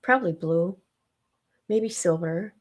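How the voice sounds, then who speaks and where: A woman's voice: fairly low pitch, slow pace. An older woman, a mom and grandma, chatting casually on her livestream in a rambling, sleepy, self-deprecating way. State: sleepy, yawning. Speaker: livestream host. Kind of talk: casual chat.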